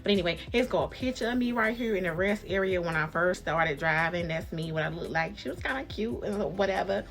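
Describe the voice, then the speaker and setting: A woman vlogger telling a casual story, acting out the people in it with big jumps in pitch. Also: fairly quick, hardly any pauses. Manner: animated, acts out quotes with big jumps in pitch.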